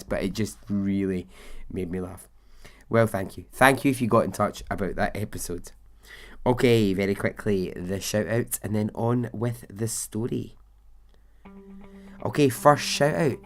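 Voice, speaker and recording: Slow-talking male podcast host. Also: fairly low pitch. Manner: chatty, laughs easily, warmly informal asides. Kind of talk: casual podcast narration.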